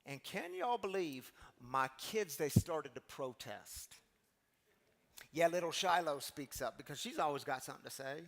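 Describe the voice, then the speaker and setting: A man's voice: fairly high pitch, big pitch swings, unhurried, creaky. A middle-aged man preaching a sermon as a pastor, telling stories and speaking directly to his congregation. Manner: storytelling, addresses the congregation directly.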